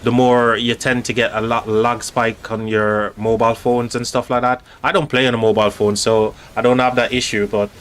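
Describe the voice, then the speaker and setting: A man's voice: mid-range voice, level tone, moderate pace, few pauses, a bit bright. A man in the middle of his range rambles casually as he hosts a game live stream. He speaks straight to his chat, filling gaps with ums and repeated words as he spectates the match. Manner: chatty, rambling, talks directly to chat with many fillers.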